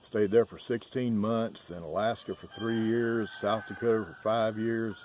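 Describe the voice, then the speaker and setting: A man's voice: fairly low pitch, fairly even intonation, normal speed, darkish tone, slight background noise. A middle-aged man with a Southern Georgia accent, casually telling stories in a chatty, folksy way on his farm. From Southern United States. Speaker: farm vlogger. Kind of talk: casual storytelling chat. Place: outdoors on a rural farm.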